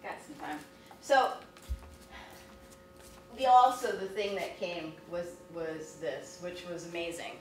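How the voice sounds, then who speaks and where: A woman teaching artist talking casually and exuberantly about her career, with lots of animated exclamations. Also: fairly low pitch, slow pace, long pauses, soft background music. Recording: echoey room from a distance.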